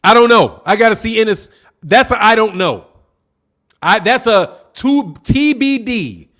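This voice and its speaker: A man hosting a boxing livestream in a fairly high voice. He reads viewer comments aloud and answers them bluntly, calling people out and repeating himself for emphasis. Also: expressive, measured pace, fairly bright tone. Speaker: boxing channel host. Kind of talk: livestream commentary reading chat.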